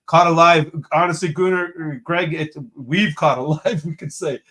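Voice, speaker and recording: A man's voice: fairly high pitch, steady tone, normal speed, bright, forceful tone. A man hosting a casual live-stream show from home, cheerfully greeting chat viewers one after another. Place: home room with a computer.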